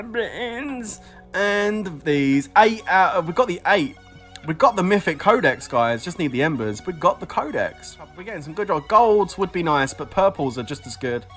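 A man streaming a game, excitable, whooping and laughing as rewards drop. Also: high-pitched. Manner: excitable, shouting and laughing at drops. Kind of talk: live game commentary.

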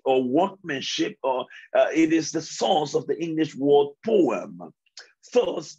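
Slow, husky-voiced preaching man, lo-fi. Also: a little high, darkish tone. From Liberia. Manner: slow, emphatic preaching with repeated phrases. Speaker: pastor. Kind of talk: devotional sermon.

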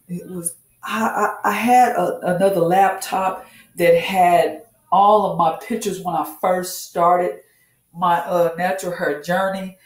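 A woman chatting casually through a hair care tutorial, repeating herself and calling her viewers y'all. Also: fairly low pitch. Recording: echoey room.

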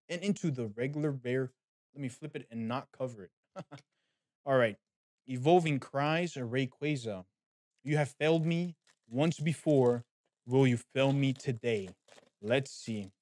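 In clean, echo-free studio sound, a card-opening channel host with a voice on the high side rips open packs. He talks to his viewers directly as guys, chatty and animated in a casual way.

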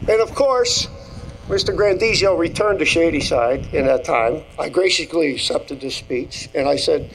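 A man's voice: a little high, moderate pace, slight background noise, poor audio. An older man, a school athletic director, giving a commencement address in a folksy, off-the-cuff storytelling way with repeated phrases. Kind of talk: graduation speech.

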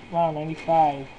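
A man's voice: on the high side, dull audio. A man giving casual game commentary while he plays, cursing constantly. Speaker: gameplay commentator.

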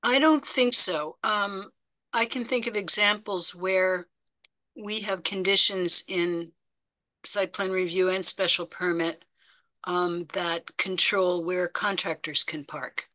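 A woman's voice: lowish voice, fairly even intonation, slow, pushed and bright, no echo, poor audio. A woman answering a question at a town committee meeting in a matter-of-fact way.

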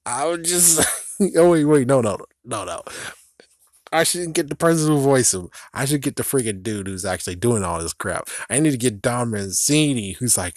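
A man's voice: medium pitch, darkish tone, no room sound, studio quality. A man giving a rambling casual video commentary, joking, giggling and ranting with mild swearing. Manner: giggly, swears mildly, rants and jokes. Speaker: video reviewer.

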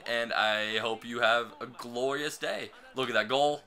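Bright-voiced young man rambling over gameplay. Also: mid-range voice, unhurried, hardly any pauses. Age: young adult. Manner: rambling, self-deprecating, reacts to the game mid-story. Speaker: gaming channel host. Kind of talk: casual gameplay commentary with storytelling.

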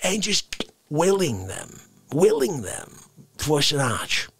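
A man's voice: fairly high pitch, very animated, slow pace, fairly bright tone, slight background noise. Wildly swooping mock-outraged man. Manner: mock-outraged, rambling, laughing between lines. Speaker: live-stream comedian. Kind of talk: unscripted comedic rant.

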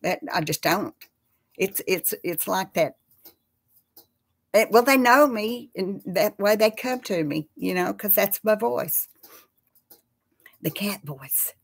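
A woman's voice: medium pitch, expressive, takes it slowly, gravelly, pauses often, husky. A woman hosting a casual live chat, talking with viewers and reading out their names. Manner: chatty, reads out viewer names.

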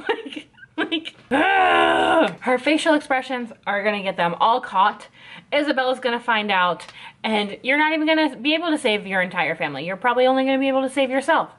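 A woman's voice: sits high, a bit bright. A woman giving casual reaction commentary on an anime episode, ranting in an exasperated, sarcastic way.

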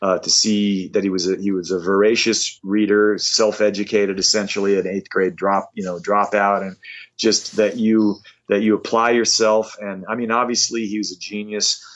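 A man in his fifties telling animated, self-deprecating stories in a casual interview. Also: on the low side, moderate pace. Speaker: rock musician guest. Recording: dull lo-fi audio.

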